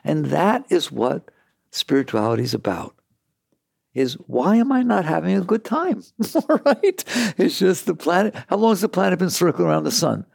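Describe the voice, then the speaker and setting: Animated gravelly man teaching. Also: sits high, moderate pace, no echo, clean studio sound. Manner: animated, rhetorical, laughing asides. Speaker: spiritual teacher. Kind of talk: talk to a live audience.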